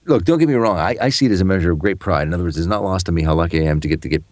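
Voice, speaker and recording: A middle-aged man who works as a voice-over announcer, telling stories fast and animatedly in a casual podcast chat, with some swearing. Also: low-pitched, dry recording, clean studio sound. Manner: rapid, animated storytelling with expletives.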